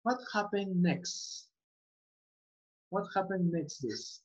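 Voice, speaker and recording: With a lowish, darkish voice, a woman slowly instructs an online English class. She repeats words and often asks "okay?" to see if students understand, and the audio comes through muffled and lo-fi.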